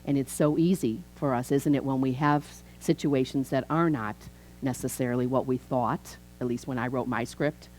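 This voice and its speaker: A woman in her fifties, a minister, preaching a chatty, animated sermon in a church. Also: very deep voice, moderate pace, faint music behind, low-quality recording. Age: 50s. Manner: animated, chatty, acts out quoted voices. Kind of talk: conversational sermon.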